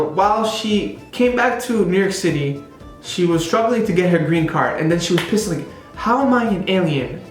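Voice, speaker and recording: A man with a fairly high voice talks through a theater review in a loose, rambling way, full of fillers. His voice echoes in a roomy space, and faint music plays underneath. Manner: rambling, with many "like" and "you know" fillers. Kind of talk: casual spoken review.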